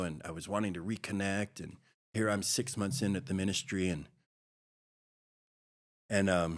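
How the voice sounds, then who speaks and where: A middle-aged man from Hawaii, a podcast guest telling his life story in an earnest, rambling way full of fillers. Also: low voice. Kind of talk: personal storytelling interview.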